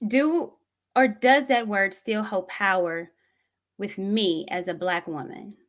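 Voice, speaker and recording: A vlogger from Tennessee, USA, tells her viewers a personal story in an earnest, reflective way. She speaks at an unhurried pace in a mid-range voice.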